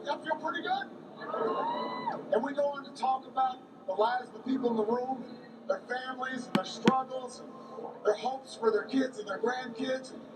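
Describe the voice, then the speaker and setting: Man telling a rally story from a distance. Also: very high-pitched. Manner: halting delivery with many repeated words. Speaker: political candidate. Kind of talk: campaign rally speech, storytelling. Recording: echoey, distant mic, background noise.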